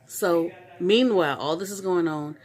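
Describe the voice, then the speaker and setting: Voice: medium pitch, measured pace. Exasperated storyteller ranting on a vlog. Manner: animated, exasperated storytelling with frequent restarts. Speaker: vlogger. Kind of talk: casual story-time rant.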